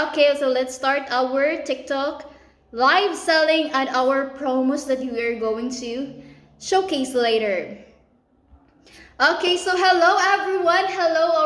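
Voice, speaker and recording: Woman, high-pitched, slow, chatty seller host. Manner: bubbly, chatty, repeats herself and restarts, gives shout-outs. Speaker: live-selling host. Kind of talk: mock live-selling stream. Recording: roomy echo.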